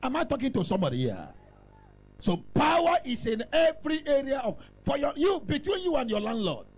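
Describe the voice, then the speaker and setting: A male pastor with a Nigerian accent preaching loudly, mixing in pidgin asides and calling out to the congregation. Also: extremely high pitch, sing-song, fairly quick, rough recording. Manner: shouting, call-and-response preaching with pidgin asides. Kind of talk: preaching sermon.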